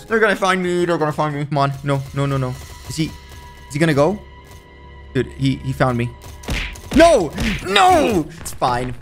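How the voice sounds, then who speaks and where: A young man giving frantic, jokey commentary while playing a video game, often panicking and pleading. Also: on the high side. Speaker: gaming YouTuber. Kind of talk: gameplay commentary.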